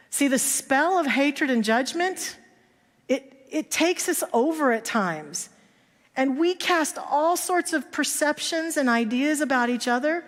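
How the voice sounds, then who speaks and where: A woman minister giving a sermon, telling stories and acting out the voices of the people in them. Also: on the high side. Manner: storytelling, acts out quoted voices. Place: church sanctuary. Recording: long hall reverb.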